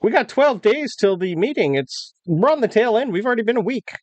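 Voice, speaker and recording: A man doing a curt, high-pitched army officer. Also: expressive, fairly quick, muffled recording, slight background noise. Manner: clipped, dismissive.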